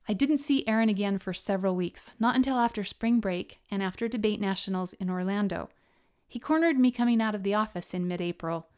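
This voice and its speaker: A woman's voice: medium pitch, fairly quick, darkish tone, clean tone. A woman podcast host narrating her own memoir chapter in an earnest storytelling way, then signing off.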